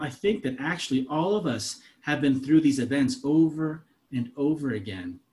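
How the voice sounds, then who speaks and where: A pastor in his thirties with a fairly high voice delivers a conversational sermon. He shifts back and forth between soft asides and emphatic lines.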